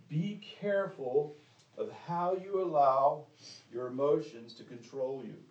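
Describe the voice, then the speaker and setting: A man preaching to his congregation, firing direct questions at them with emphatic rises and drops. His voice sits a touch high for a man and rings through the church. It is picked up from a distance. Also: a little mellow, muffled recording. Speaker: pastor. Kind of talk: sermon. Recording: echoey room, mic at a distance.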